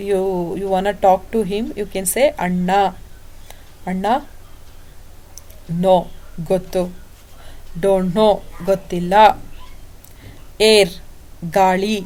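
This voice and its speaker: A woman's voice: mid-range voice, mellow. Woman teaching Kannada words, Kannada accent. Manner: repeats each word slowly, then gives its Kannada meaning. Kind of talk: vocabulary lesson.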